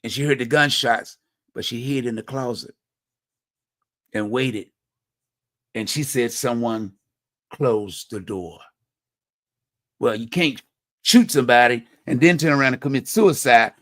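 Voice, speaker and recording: This clip, recorded in studio quality with no echo, features a middle-aged community talk show host from Hampton Roads, Virginia. His mid-range, slightly bright voice is unhurried, with long pauses, as he bluntly talks through community violence in a repetitive, slangy, conversational personal monologue.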